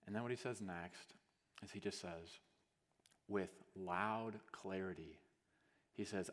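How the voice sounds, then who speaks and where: A male pastor preaching a sermon as a vivid story, acting out scenes and swinging from hushed to loud, with lots of casual "like" fillers. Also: low voice, fairly even intonation, slow, long pauses. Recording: long hall reverb.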